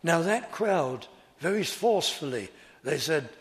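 A man preaching a sermon in slow, deliberate, repetitive phrases. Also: a little high, big pitch swings.

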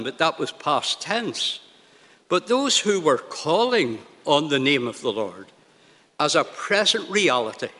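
A man preaching a sermon in a slow, deliberate, emphatic way. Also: a little high, sharp tone, long reverb tail.

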